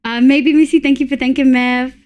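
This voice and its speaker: A young adult woman with an Australian accent, a streamer chatting casually and excitably with her viewers, swearing and thanking them. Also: high-pitched, fairly quick, clean tone, highs cut off. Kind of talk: casual live-stream chat.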